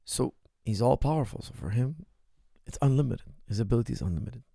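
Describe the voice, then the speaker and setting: Gravelly-voiced man coaching on a livestream. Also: mid-range voice, expressive, fairly quick, dark tone, dry recording, clean studio sound. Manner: emphatic, keeps checking in with "right?" and "okay?". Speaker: martial arts coach. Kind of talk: livestream Q&A, answering viewer questions.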